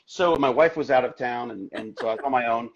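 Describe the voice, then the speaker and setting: A man guesting on an interview, telling stories in an animated, rambling way with many restarts, heard over a video call. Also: mid-range voice, a little fast. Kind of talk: casual interview chat. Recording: dull lo-fi social media livestream audio.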